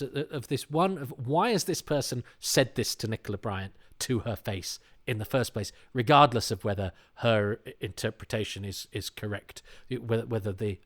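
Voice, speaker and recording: Animated middle-aged man, indignant host. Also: fairly low pitch. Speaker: podcast host. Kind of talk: casual monologue.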